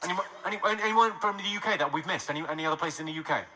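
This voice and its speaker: A man doing stand-up comedy, bantering with the audience in a quick, deadpan, mocking way. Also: a little high. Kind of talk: stand-up crowd work. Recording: loud noise, live audience hall.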